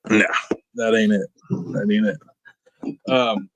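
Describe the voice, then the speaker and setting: A man co-hosting a casual food show, joking around and giving shout-outs. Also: on the low side, fairly even intonation, slow pace, no room sound, highs cut off. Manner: laid-back, joking, lots of shout-outs. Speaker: co-host. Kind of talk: casual chat.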